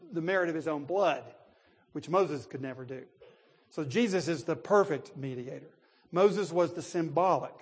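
A man with a high, husky voice preaches a sermon in a hall with long reverb. His delivery is animated and emphatic, rising to loud peaks, with chuckles between points as he talks straight to his listeners. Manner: laughs between points, addresses listeners directly.

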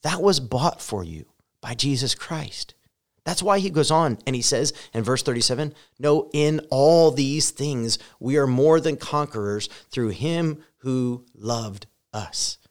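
A man's voice: mid-range voice, animated, measured pace. Male pastor, sermon delivery, earnest and direct, emphatic in scripture reading. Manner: earnest preaching, rising loud and emphatic when reading scripture; direct address to listeners.

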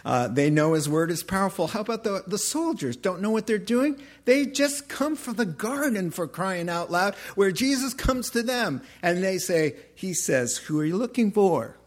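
Emphatic preacher man, higher voice. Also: expressive, moderate pace, few pauses. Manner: emphatic, swinging between loud and soft. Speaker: pastor. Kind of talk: sermon.

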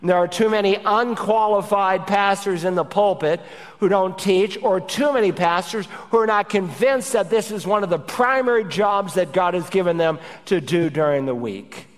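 A man's voice: high voice, normal speed, long reverb tail, faint music behind. A middle-aged man, a pastor, preaching a sermon with emphatic, urgent exhortation.

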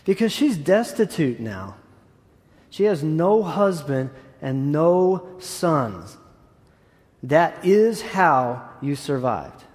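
A man's voice: fairly high pitch, very animated, extremely slow, a little mellow. A man preaching a sermon as pastor in a casual, enthusiastic way with asides. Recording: echoey hall.

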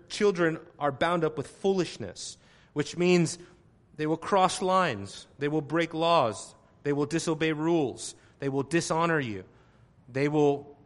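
A man in a church hall delivers a sermon to his congregation. His voice sits a little high for a man, and he preaches emphatically. He drops to quiet asides, then bursts into loud exclamations and hammers his points with repeated phrases.

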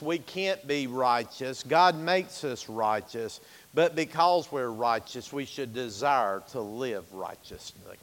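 In a church sanctuary, a male pastor delivers an emphatic sermon, swinging between loud and hushed. His voice is medium in pitch, and the sound is that of a big room.

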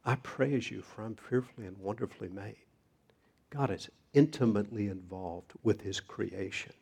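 Man, pastor, sermon, husky, gravelly, measured scripture reading. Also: mid-range voice, warm tone.

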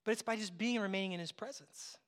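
A man pastor preaching a conversational sermon, acting out bits of dialogue and dropping from loud to hushed. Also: sits high, fast talker. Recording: long hall reverb.

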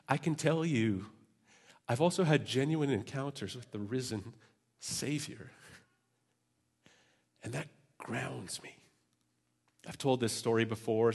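Brief: male preacher, medium pitch, heartfelt sermon, swings from quiet reflection to urgent, with self-mocking humor. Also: breathy edge. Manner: earnest and emotional, with self-deprecating asides. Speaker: pastor. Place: church service.

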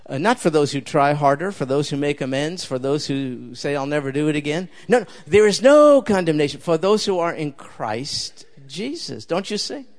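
Older man, preacher, sermon, fairly high voice, emphatic, conversational. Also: very animated, moderate pace, few pauses. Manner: emphatic, conversational, direct address to listeners.

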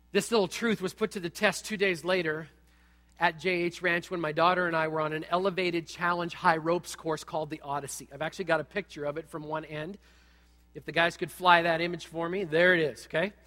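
A middle-aged man preaching a sermon, telling a personal story with animated, humorous asides. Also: sits high, big-room sound.

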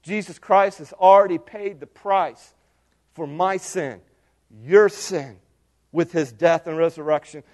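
A man with a high voice delivers a sermon as the pastor. He preaches animatedly, swinging between loud emphatic bursts and hushed, quiet lines. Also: a little slow.

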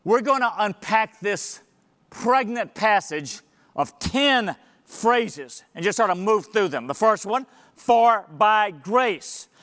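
A male pastor with a notably high voice delivers an emphatic sermon, stacking rhetorical questions as he drives his point home. His words ring out through a church hall with long reverb trailing behind each phrase. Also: lively intonation, takes it slowly, fairly bright tone. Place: church sanctuary.

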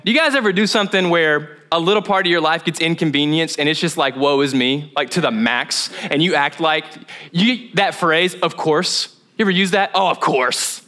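A man's voice: on the high side, fairly quick, pushed and bright. A young man preaching as a pastor, telling a funny, self-mocking story from his week, acting out his own inner dialogue with laughs along the way. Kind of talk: sermon. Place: church.

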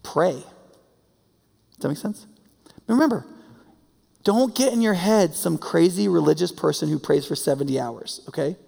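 A man preaching a sermon as a pastor, talking in a loose, animated, conversational way and acting out the voices he quotes. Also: fairly high pitch, moderate pace, creaky, long pauses, in a large hall.

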